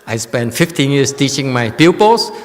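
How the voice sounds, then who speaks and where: A man's voice: mid-range voice, animated, moderate pace, in a large hall. A man teaching Buddhism in a Dharma lecture, often teasing and chuckling with his listeners. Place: temple hall.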